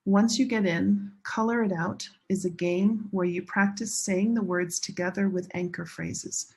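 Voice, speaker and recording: A woman teaching English pronunciation in a classroom lesson, slowly modeling each word and stressing syllables with care. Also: medium pitch, steady tone. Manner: slow, deliberate modeling of words with clear stress.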